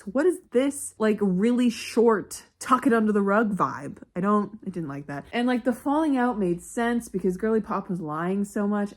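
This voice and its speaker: A young woman talking casually at home in a reading vlog, candid and quick to swear and laugh. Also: lowish voice. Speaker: book vlogger.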